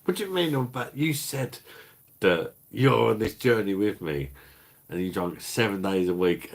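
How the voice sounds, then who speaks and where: A deep-voiced man with a Cockney-Kentish accent, chatting to his live audience at an easy, slow pace. He swears freely and chuckles along as he talks. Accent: Cockney-Kentish English. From London. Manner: laid-back, sweary, chuckling banter. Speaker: livestream host reading chat. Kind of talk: casual live chat.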